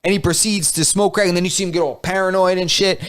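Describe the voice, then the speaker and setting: Man, podcast co-host, animated storyteller, slangy, higher voice. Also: quick pace, clean tone. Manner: animated storytelling, slangy, lots of "like" and "you know". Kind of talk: casual chat.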